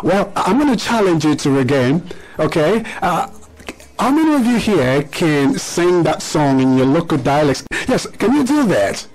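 A man's voice: on the high side, very animated, poor audio. Encouraging radio host, man. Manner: encouraging, quick praise, asks guests to repeat. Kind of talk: radio interview with schoolchildren.

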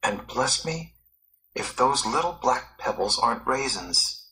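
A man's voice: mid-range voice, expressive, a little slow, sharp tone, low-quality recording. A man voicing a curious male excavator who thinks aloud and wonders at what he has dug up, in a storybook read-aloud. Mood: musing. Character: curious male excavator musing over ancient ruins.

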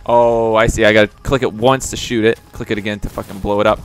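A young man giving excitable, profane commentary as he plays a video game, often laughing. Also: mid-range voice, fairly quick, hardly any pauses, faint music behind. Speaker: let's play gamer. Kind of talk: casual gameplay commentary.

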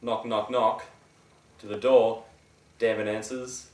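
A man telling his story haltingly and with self-importance in a mockumentary interview. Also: on the low side, level tone, darkish tone. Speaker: housemate. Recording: roomy, distant mic.

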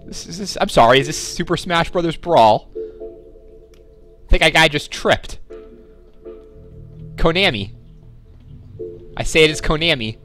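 A man's voice: a little high, lively intonation, a little slow, long pauses, a bit bright, faint music behind. A young man hosting a gaming video, giving sarcastic, jokey running commentary as he plays. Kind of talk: joking let's-play commentary.

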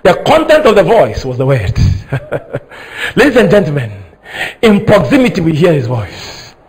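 Husky guy preaching, voice jumps all over, slow and soft then loud and high. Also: wildly swooping pitch, poor audio. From Ghana. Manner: dramatic, swings from soft slow teaching to high shouted emphasis. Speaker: prophet preaching. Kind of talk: sermon.

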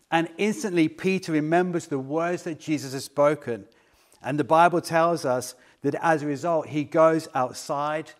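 Earnest male pastor preaching a sermon. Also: fairly high pitch. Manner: earnest storytelling with quoted dialogue and slowed emphasis.

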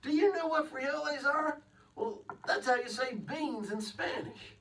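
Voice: high-pitched, a little slow, fairly bright tone. A children's show host telling a storybook tale to kids, playful and exclaiming, talking straight to the boys and girls. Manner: playful, exclaiming, sings, addresses kids directly. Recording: distant mic with clear music.

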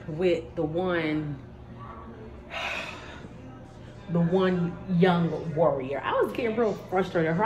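A woman's voice: on the low side, rough recording. A woman vlogger chatting casually and directly to her viewers from home. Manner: chatty, animated, talks straight to viewers. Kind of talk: casual vlog chat. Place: home bathroom, indoors. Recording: music playing behind.

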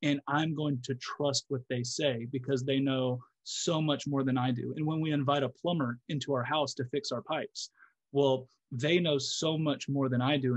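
A man's voice: medium pitch, no echo. A man who is a guest physiotherapist, talking through ideas in a casual podcast conversation, thoughtful and explanatory with frequent restarts.

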